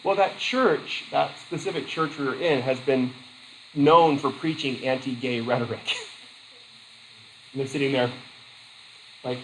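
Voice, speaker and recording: A man teaching a class, telling chatty stories with asides and quick laughs. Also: mid-range voice, a bit bright, reverberant, slight background noise, poor audio. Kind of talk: classroom lecture with anecdotes.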